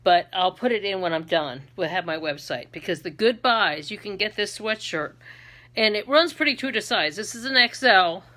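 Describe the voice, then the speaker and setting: Bright-voiced chatty woman vlogger. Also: lively intonation, normal speed. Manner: chatty, laughs often, bursts into shrill put-on accents. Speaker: beauty vlogger and makeup seller. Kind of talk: casual makeup tutorial chat.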